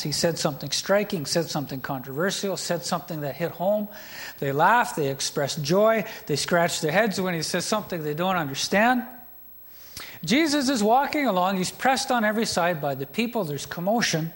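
Pastor, man, middle-aged, high pitched; storytelling sermon with asides to the congregation. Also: expressive, fairly quick, a bit bright.

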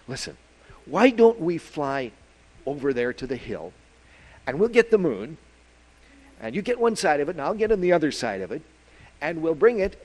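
A man's voice: fairly high pitch, a little mellow. A man voicing a young male owl chick in a church children's story, talking in a raised, eager, conspiratorial way.

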